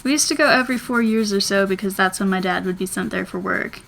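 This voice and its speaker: A woman's voice: medium pitch, quick pace, vocal fry. Chatty young woman rambling while drawing. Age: 20s. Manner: chatty and rambling, thinking out loud. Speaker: vlogger. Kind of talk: casual chat while drawing.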